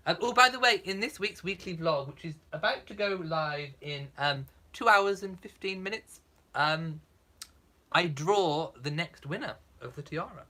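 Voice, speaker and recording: Man, bright forceful voice, slightly high, camp and theatrical, reading viewer comments aloud. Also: measured pace. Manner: camp, theatrical, self-mocking. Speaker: vlogger reading live chat. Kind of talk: casual live chat.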